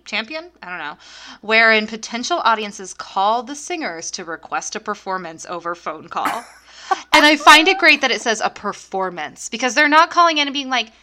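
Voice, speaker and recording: Bright-voiced chatty young woman. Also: mid-range voice. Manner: chatty, laughs often, many fillers. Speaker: podcast co-host. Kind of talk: casual chat.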